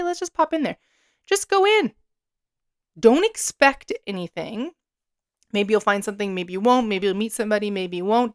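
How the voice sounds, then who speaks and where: A woman in her thirties hosting a casual solo podcast, chatty and animated, swearing casually as she talks. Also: medium pitch, dry recording, studio quality. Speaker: podcast host.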